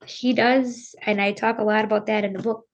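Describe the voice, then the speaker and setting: A middle-aged woman, a bereaved mother, telling her story earnestly and haltingly as a podcast guest. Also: medium pitch, steady tone. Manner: earnest, halting, circling back on her words. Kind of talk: emotional personal storytelling.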